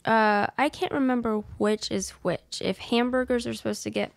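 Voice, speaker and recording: A woman's voice: on the high side, steady tone, moderate pace, creaky, no room sound. A woman co-hosting a casual movie review chat, explaining and correcting in a matter-of-fact way. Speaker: podcast co-host.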